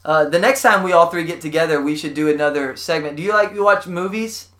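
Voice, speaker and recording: Texan man, podcast co-host, easygoing slangy chat, voice a touch high. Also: fast, a bit bright. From Texas. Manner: laid-back, says dude and man a lot. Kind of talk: casual chat.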